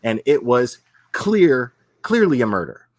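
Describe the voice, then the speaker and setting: A man hosting a political talk on his channel, heard up close with a dry, roomless sound. He is agreeable but halting, often breaking off and starting his sentences over. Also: medium pitch, very animated, no echo. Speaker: channel host. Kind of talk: political discussion.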